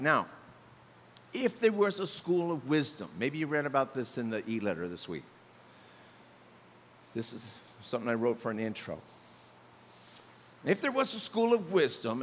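A middle-aged male pastor preaching a sermon in a lively way, acting out the voices he quotes. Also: a little high, long reverb tail, a little hiss or hum.

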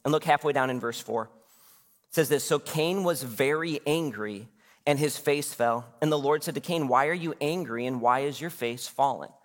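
A man's voice: medium pitch, moderate pace. A man in his thirties preaching a sermon in a church, talking conversationally and asking the congregation questions. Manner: conversational, asks the congregation questions, acts out quotes. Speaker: pastor. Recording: long hall reverb.

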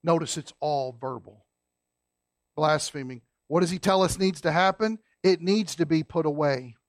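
A man preaching a sermon as a pastor, folksy and emphatic, dropping low and quiet to stress a point. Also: moderate pace, no room sound, studio quality.

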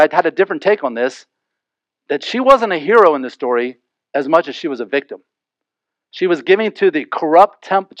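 A middle-aged male pastor preaching a sermon in a church, animated, asking rhetorical questions and acting out quoted voices. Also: fairly high pitch, dry recording, poor audio.

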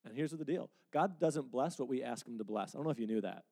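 Earnest conversational male pastor, mellow tone. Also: medium pitch, animated, fast talker. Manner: earnest, conversational preaching with acted-out quotes. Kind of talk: sermon Q&A.

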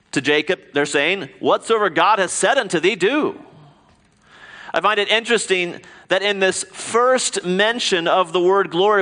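Earnest preacher man, bright-toned. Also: long reverb tail. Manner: earnest, reads King James scripture aloud; soft low prayer, rising to emphatic preaching. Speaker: pastor. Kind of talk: sermon with opening prayer.

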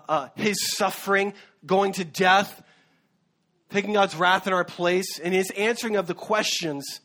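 An earnest male pastor preaching a sermon in a slightly higher voice than most men. He speaks with some fillers and self-corrections, pressing his points home. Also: bright, forceful tone.

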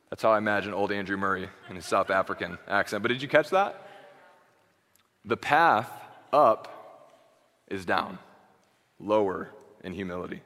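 A man's voice: on the low side, fairly quick, pauses often, a bit bright, in a large hall. A male pastor preaching a sermon in a conversational way, checking in with "okay" and restarting phrases.

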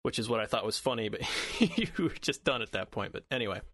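A man's voice: medium pitch, animated, quick pace, fairly bright tone, dry recording. A man on a casual podcast, arguing his point bluntly, acting out quoted reactions and swearing now and then. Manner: argumentative, talks in quoted asides, swears casually. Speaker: podcast co-host. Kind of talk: casual chat.

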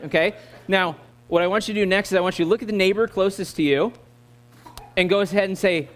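An American man giving a sermon in a voice a little higher than most men's. His delivery is easygoing and joking, as he coaxes the congregation to join in and answer back. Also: quick pace, long pauses. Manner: conversational, joking, audience-engaging. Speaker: guest preacher. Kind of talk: sermon with opening prayer.

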